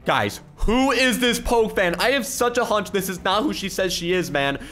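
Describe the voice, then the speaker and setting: A man hosting a gaming channel, giving excitable, exclamatory commentary as he plays and reading other players' chat aloud in his own voice. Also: high voice, normal speed, faint music behind. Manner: excitable, exclamatory, keeps repeating "oh my goodness". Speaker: YouTuber gaming host. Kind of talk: let's-play gameplay commentary.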